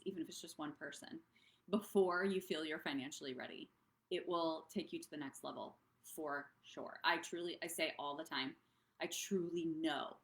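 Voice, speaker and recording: A woman's voice: sits low, gravelly, a bit bright, echoey room. Bubbly, rambling woman on a live stream. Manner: bubbly, rambling, goes off track. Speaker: wellness coach hosting a live stream. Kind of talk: casual live-stream talk.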